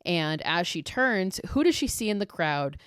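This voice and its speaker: A young adult woman hosting a podcast, recapping a horror movie in a casual, profane, animated way. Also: fairly low pitch, normal speed, clear, resonant tone, no room sound, clean studio sound. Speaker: podcast host.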